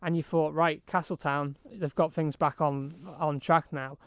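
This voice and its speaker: A man with a Manx accent, slightly hoarse, describing hockey matches in an excitable sports chat full of fillers and restarts. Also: a little high, measured pace, no room sound. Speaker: hockey reporter.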